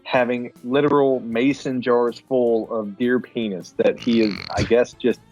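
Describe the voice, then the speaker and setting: A man's voice: medium pitch, steady tone, a little slow, darkish tone, muffled recording, soft background music. A man co-hosting a podcast, chatting casually about a movie with crude, exaggerated comic riffs. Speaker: podcast co-host. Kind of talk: casual movie review chat.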